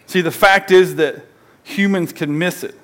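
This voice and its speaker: A man's voice: high voice, unhurried. A man in his forties preaching a sermon as pastor, talking conversationally and leading the congregation in call-and-response.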